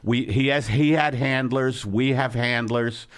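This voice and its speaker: A man's voice: medium pitch, fairly even intonation, a little slow, clear, resonant tone. A man hosting a comedy podcast, riffing in a rambling, exasperated way and laughing often. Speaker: podcast host. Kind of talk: casual comedy podcast banter.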